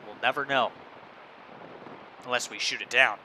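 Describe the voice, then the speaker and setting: A man hosting a casual livestream, reading chat messages aloud and commenting in an animated way. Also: mid-range voice, normal speed, a little hiss or hum. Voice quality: echoey monitoring on his voice.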